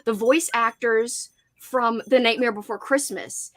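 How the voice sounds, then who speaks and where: A woman hosting a casual livestream chat, telling an animated story with "like" in nearly every sentence. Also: fairly high pitch, unhurried. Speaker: host.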